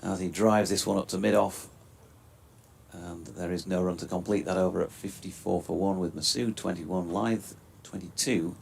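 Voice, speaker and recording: A man giving relaxed, chatty live cricket commentary with dry quips. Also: low-pitched, moderate pace, vocal fry, slight background noise.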